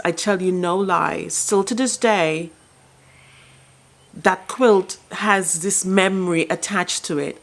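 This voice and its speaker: A middle-aged woman sharing a personal story in a vlog, speaking softly and haltingly, with many restarts. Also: medium pitch. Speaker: quilting vlogger. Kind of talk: personal vlog talk to camera.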